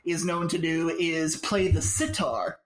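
A man's voice: a little high, fairly even intonation, a little slow. A young man co-hosting a podcast with dry, mock-earnest jokes. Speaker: podcast co-host. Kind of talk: casual comedic chat. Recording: echoey room.

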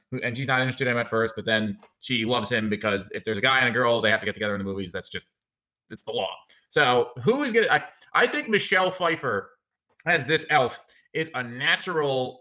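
A man co-hosting a comedy podcast, chatting casually and laughing often while pitching movie ideas. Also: pushed and bright. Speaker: podcast co-host.

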